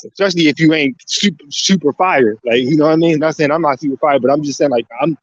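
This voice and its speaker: A man's voice: a little high, fast, no room sound, dull audio. A man in casual podcast chat, talking loose and slangy with lots of profanity.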